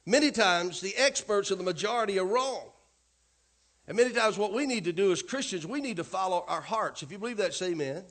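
A man's voice: sits high, lively intonation, fairly quick, a bit bright. A male pastor preaching a sermon, emphatic and punchy, often turning to the congregation with asides and questions.

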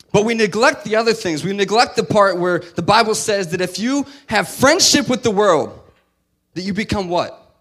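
A man's voice: high voice, animated, moderate pace. A man preaching a sermon in a conversational way, often acting out the voices of the people he describes. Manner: conversational, acts out quoted voices, swings loud to soft.

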